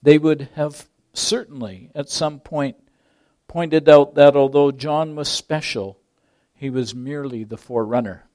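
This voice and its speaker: A male preacher delivers a sermon in a fairly high voice at an unhurried pace. He lingers on key words, dropping to near whispers and then building to loud, ringing emphasis. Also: steady tone. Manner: dramatic swings between soft, near-whispered words and loud rising emphasis; slow, deliberate phrasing with pauses on key words.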